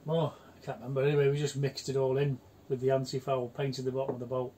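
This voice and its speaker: A man's voice: mid-range voice, flat delivery, fast talker, dark tone. Guy in his 60s chatting on a boat, blunt stories, a bit of background hum. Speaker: houseboat vlogger. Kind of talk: casual chat.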